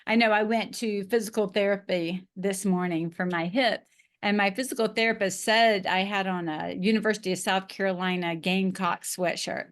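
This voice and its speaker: A woman's voice: medium pitch, fairly even intonation, normal speed. A middle-aged woman with a Southern American accent, hosting a podcast and telling stories in a chatty, amused way. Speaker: podcast host. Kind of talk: casual interview chat.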